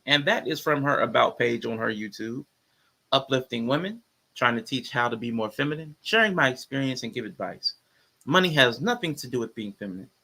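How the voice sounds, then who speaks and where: A man's voice: medium pitch, gravelly. A man hosting a casual reaction commentary stream, talking loosely to his viewers and chat. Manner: relaxed, conversational, addresses viewers as y'all. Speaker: commentary channel host.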